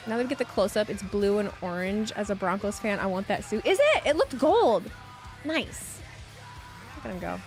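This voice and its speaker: Lively woman streamer reacting live. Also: a little high, normal speed, soft background music. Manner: chatty, excitable, reacting to the screen. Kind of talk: live-stream watch-along commentary.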